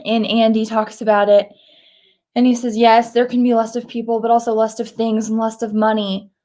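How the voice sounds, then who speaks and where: A woman speaking at church, retelling a story in a conversational, animated way with casual fillers. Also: fairly high pitch, moderate pace. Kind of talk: sermon with a retold story.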